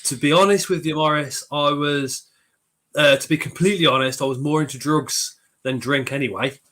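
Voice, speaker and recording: Casual male streamer with a cold, bright and sharp voice, chatting and reading chat aloud. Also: a little high, steady tone, moderate pace. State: has a cold. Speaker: livestream host reading chat.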